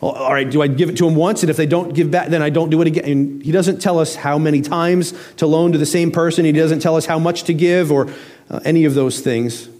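A man's voice: a little high, fairly even intonation, a little fast, darkish tone. A middle-aged man preaching a sermon as a pastor, in a conversational way that slips into acted-out family voices.

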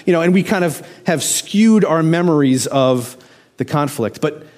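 A man's voice: a little high, lively intonation, moderate pace, darkish tone. A man preaching a conversational sermon, often asking the listeners questions. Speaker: pastor.

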